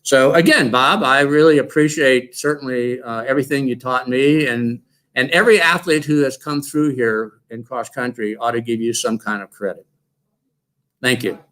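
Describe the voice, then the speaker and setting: An older man, a former coach, giving a tribute speech at an induction and telling stories in a lively way. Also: medium pitch, normal speed. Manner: storytelling, lively retelling.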